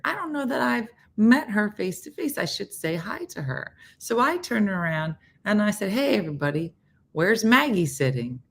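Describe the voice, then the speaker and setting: A woman hosting a casual morning show, telling a story with lots of acted-out quotes, laughter and sudden whispers. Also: medium pitch. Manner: animated storyteller, acts out quotes, laughs often, drops to whispers.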